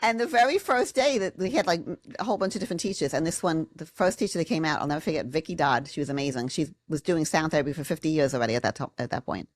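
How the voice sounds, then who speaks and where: A woman's voice: sits low, very fast, few pauses, no echo. A woman speaking as a podcast guest, a sound therapist telling her story in casual conversation and acting out quotes in big voices.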